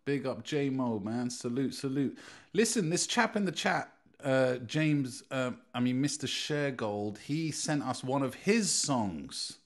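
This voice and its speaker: Relaxed man hosting a live podcast. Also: medium pitch, slow. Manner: relaxed, easygoing, reacting with short interjections. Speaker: podcast host. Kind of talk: casual live podcast chat.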